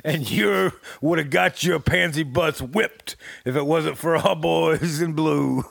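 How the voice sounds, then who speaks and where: A man co-hosting a comedy podcast, brash and boastful, with a gravelly voice and loud laughs. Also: fairly high pitch, takes it slowly. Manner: brash, boastful tough-guy patter with frequent laughs. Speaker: podcast co-host. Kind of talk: improvised comedy banter.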